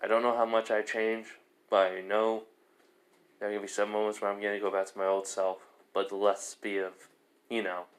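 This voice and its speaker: Casting: a man doing a calm, earnest teenage boy in a fan-made story retelling, voice sitting low. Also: brisk, lightly acted. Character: teenage boy, newly serious and determined.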